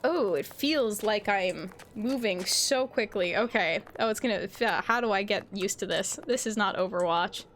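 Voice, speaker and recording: A woman's voice: mid-range voice, moderate pace, few pauses, fairly bright tone, slight background noise. A young woman chatting casually on a gaming livestream, giggly and self-deprecating. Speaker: streamer.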